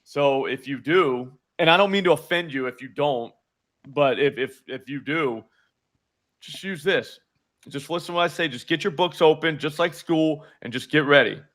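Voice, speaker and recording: A man hosts a live sports betting stream, his voice sitting a little high for a man. He talks in fast, animated bursts, with restarts and filler words as he explains each pick. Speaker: sports betting show host. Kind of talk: live betting show chat.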